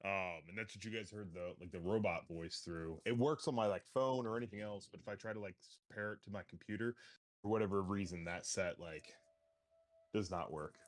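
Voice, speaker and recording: A man's voice: sits low, brisk. A man playing in a tabletop game, chatting in an easygoing, plain way over a voice call on headphones. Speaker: player. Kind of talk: casual chat over voice call.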